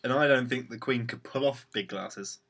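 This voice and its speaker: A man's voice: medium pitch, normal speed, background noise. A young English man co-hosting a casual vlog chat, joking dryly and cutting in. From England. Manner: dry joking, cuts in. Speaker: vlog co-host.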